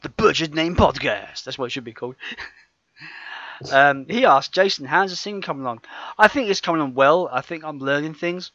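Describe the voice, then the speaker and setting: A man's voice: fairly high pitch, lively intonation, normal speed, pushed and bright, no room sound. A man co-hosting a casual podcast, rambling and correcting himself, laughing often. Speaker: podcast co-host. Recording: dull lo-fi sound.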